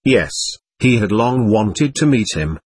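A man narrating an audiobook in a steady storytelling voice. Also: lowish voice, slow, breathy edge, dry recording. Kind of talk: scripted narration.

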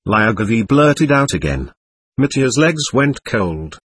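Husky guy reading an old novel out loud, lots of ups and downs in his voice, dry close mic. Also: fairly low pitch, sing-song, unhurried, no echo. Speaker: audiobook narrator. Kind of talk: scripted narration.

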